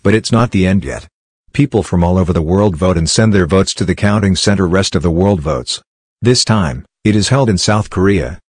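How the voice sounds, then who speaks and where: A man hosting a results show, announcing in a measured, formal scripted way. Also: sits low, darkish tone, slightly rough, dry recording. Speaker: show host.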